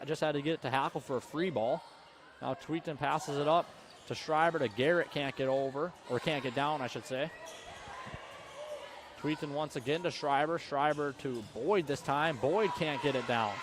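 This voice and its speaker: A young man calls a high school volleyball match in a brisk play-by-play manner, catching and correcting his own slips. His voice sits a little high. A faint hum of gym noise runs underneath. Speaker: play-by-play commentator. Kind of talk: high school sports commentary. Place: school gymnasium.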